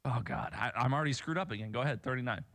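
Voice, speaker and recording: A man's voice: medium pitch, rapid-fire, a bit bright. A man hosting a political commentary show, talking in a sarcastic, mocking and indignant way between played clips.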